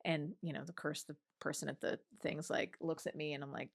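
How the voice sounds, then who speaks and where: A woman in her forties talks fairly quickly in a low-pitched voice with vocal fry, recorded at studio quality with no room sound. As a guest on an interview show, she tells a personal story conversationally, animatedly acting out other people's remarks.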